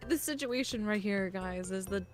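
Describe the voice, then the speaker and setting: A woman from Canada chatting casually on a livestream, giggly and animated, swearing freely. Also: mid-range voice, moderate pace, faint music behind. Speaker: streamer. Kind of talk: casual chat.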